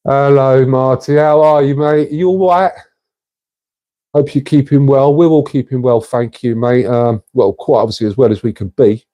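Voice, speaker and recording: A man's voice: medium pitch, fairly even intonation, moderate pace, dull audio. A man hosting a casual livestream, chatting in a matey way and answering viewers' comments. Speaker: livestream host.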